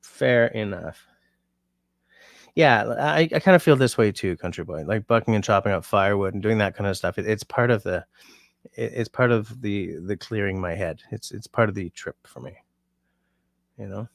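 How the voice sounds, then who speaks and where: A tired man with a lowish, gravelly voice hosts a laid-back livestream, rambling between chat comments. His voice is recorded close and dry, with no room sound. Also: fairly quick, no room sound. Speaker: livestream host.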